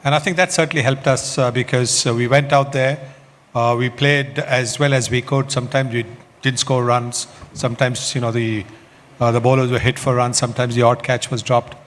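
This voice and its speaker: A man's voice: medium pitch, moderate pace. An older man with an Indian English accent, a former cricketer reminiscing fondly and easily on stage. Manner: relaxed, fond, with fillers. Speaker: former cricketer, panel guest. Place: large indoor awards hall. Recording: reverberant hall with faint ambience.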